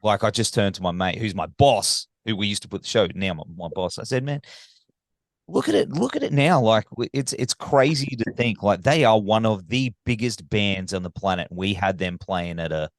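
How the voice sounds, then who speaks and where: Low-voiced podcast host, dry sound. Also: male voice, normal speed, few pauses, dry recording. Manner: friendly, informal, swears casually. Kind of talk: casual interview chat.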